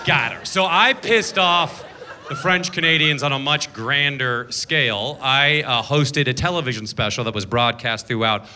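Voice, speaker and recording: A man's voice: mid-range voice, moderate pace, crowd noise. A man performing a sarcastic stand-up set on a theater stage, slipping into mocking voices for his bits. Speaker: stand-up comedian. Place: theater stage with a laughing audience.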